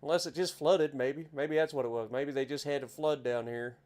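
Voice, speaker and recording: A man with an Appalachian accent giving chatty, excitable commentary while playing a driving game. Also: medium pitch, a little fast. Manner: chatty, easily excited, exclaims at scenery. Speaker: game streamer. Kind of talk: casual gameplay commentary.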